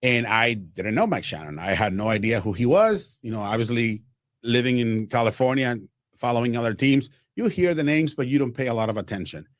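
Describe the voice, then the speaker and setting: A man from Mexico, a baseball broadcaster telling stories as a radio guest, animated and acting out quotes. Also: mid-range voice, fairly quick, dry recording, clean studio sound. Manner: animated, acts out quotes, frequent restarts. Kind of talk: radio interview storytelling.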